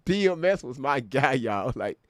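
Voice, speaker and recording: A man's voice: medium pitch, big pitch swings, normal speed. A man hosting a reaction video, rambling casually in a laid-back way.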